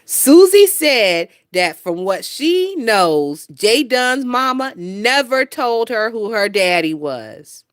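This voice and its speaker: A woman's voice: on the high side, sing-song, slow, few pauses, no room sound, studio quality. A woman in her twenties hosting a casual gossip livestream, brash and profane, reading out viewer comments and laughing often. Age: 20s. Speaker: gossip channel host.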